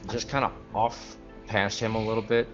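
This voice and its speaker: Deep-voiced man running a tabletop game. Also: normal speed, dull audio, soft background music. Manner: animated, acts out sounds and characters. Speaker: game master.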